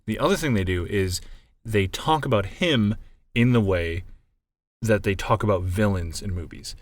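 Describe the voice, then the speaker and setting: A man co-hosting a casual podcast chat, animated and swearing freely as he acts out movie scenes. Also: lowish voice, moderate pace. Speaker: podcast co-host.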